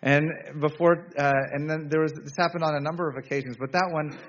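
A man preaching a sermon to a congregation in a relaxed, conversational way, often restarting his sentences. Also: on the high side, brisk, highs cut off. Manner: conversational, self-correcting, with frequent restarts.

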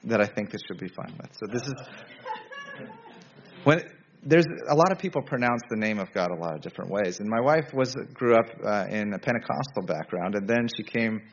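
A man preaching a sermon to a congregation in a relaxed, conversational way, often restarting his sentences. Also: lowish voice, fairly quick, highs cut off. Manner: conversational, self-correcting, with frequent restarts.

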